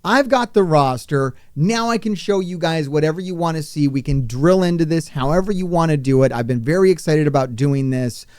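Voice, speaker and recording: A man with a slightly high, smooth, resonant voice hosts a live game stream, gushing and swearing as he rambles to his chat. The sound is dry and close, with no room echo. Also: fairly quick, hardly any pauses. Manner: excitable, profane, rambling. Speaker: gaming streamer.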